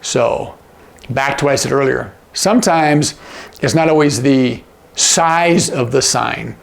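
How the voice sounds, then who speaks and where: A man's voice: medium pitch, takes it slowly, creaky. A man teaching sign language in a casual, demonstrative way, often checking in with "okay?" as he explains. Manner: demonstrative, asks frequent check-in questions.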